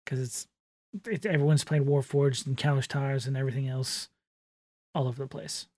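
Husky relaxed man, dry close sound. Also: mid-range voice, moderate pace, no echo. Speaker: podcast co-host. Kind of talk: casual chat about tabletop games.

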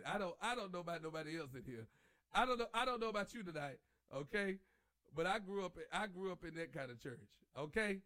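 Male host, high-pitched, lively and preachy, dry recording. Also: no echo. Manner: animated, preachy, sings church lines. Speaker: podcast host. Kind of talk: casual chat.

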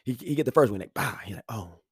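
Man, thirties, lively storyteller on a podcast mic, dry close sound. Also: medium pitch, racing, husky, dry recording. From Houston, Texas. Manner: animated storytelling, acts out voices, laughs often. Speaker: podcast talker. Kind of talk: casual monologue. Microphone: studio microphone.

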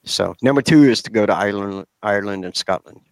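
A man's voice: on the low side, fast, low-quality recording. A man as a guest on a podcast, eager and enthusiastic. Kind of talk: casual chat.

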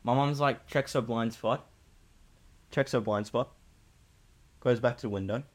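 A young man co-hosts a casual podcast and tells a story with plenty of energy. He rambles, restarts and leans on fillers. His voice sits at an ordinary middle pitch. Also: measured pace. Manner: animated, rambling, many "like"s. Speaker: podcast co-host.

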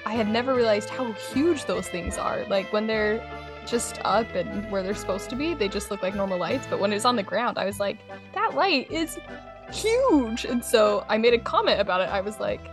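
A young woman co-hosting a podcast, telling stories in a casual, giggly, animated way. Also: medium pitch, a little fast, over music. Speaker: podcast co-host. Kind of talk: casual chat.

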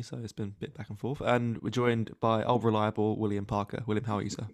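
A man's voice: fairly low pitch, quick pace, hardly any pauses, no echo, studio quality. Easygoing man hosting a podcast. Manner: easygoing, wry, a few stumbles. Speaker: podcast host. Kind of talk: casual podcast chat.

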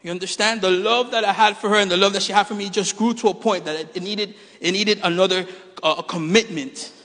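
Middle-aged pastor guy, high voice, joking story sermon, big echoey church hall. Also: brisk. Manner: animated storytelling, jokes with the congregation. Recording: reverberant hall.

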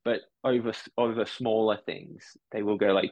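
A man's voice: fairly low pitch, fairly even intonation, normal speed, a little mellow, no room sound, lo-fi sound. A man from Brisbane, a podcast guest chatting casually, often correcting himself mid-sentence and acting out online commenters. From Brisbane, Australia. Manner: rambling, self-correcting, acts out online commenters.

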